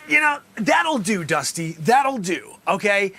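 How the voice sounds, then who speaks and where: A man hosting an improvised comedy sketch as a courtroom lawyer, theatrical and bursting into loud exclamations. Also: sits high, very animated, takes it slowly, few pauses. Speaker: host playing a courtroom lawyer.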